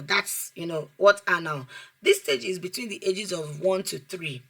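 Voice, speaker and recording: Bright-voiced woman teaching a class. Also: fairly low pitch, moderate pace. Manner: animated, asks the class rhetorical questions, repeats phrases for emphasis. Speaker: child development coach. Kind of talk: online class lecture. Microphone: video call.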